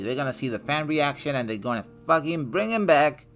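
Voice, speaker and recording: A young man talks through a movie review in a loose, rambling way, swearing freely and leaning on filler words. His voice sits a little high for a man. Soft guitar music plays faintly behind him. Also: lively intonation, fairly quick. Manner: loose and profane, full of "like" fillers. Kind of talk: casual spoken review.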